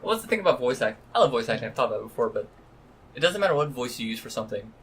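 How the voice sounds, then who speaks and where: A man co-hosting a podcast, talking quickly and laughing easily in casual chat. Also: mid-range voice, big pitch swings, fairly bright tone, breathy edge. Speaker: podcast co-host.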